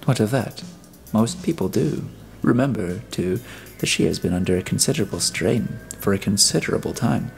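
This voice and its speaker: A man reading an audiobook, voicing a stern, weary detective in a level, terse, deliberate way. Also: lowish voice, lively intonation, creaky, soft background music. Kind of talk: audiobook character voice.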